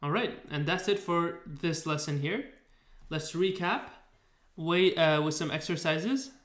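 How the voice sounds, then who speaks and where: A male Arabic teacher explains a recorded online lesson, patient and unhurried, often restarting with fillers as he works through examples. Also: a little high, fairly bright tone. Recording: echoey room.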